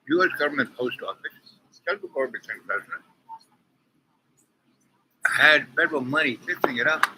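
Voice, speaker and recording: A man's voice: on the high side, sharp tone, a little hiss or hum, rough recording. A man hosting his own show, rambling opinionated commentary while eating breakfast with his mouth full. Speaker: online show host.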